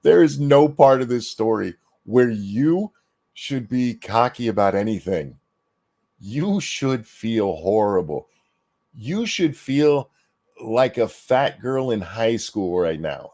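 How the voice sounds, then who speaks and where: A man's voice: lowish voice, expressive, a little slow, a little mellow, no room sound. A man hosting a ranting reaction commentary, profane, sarcastic and berating. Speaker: commentary host.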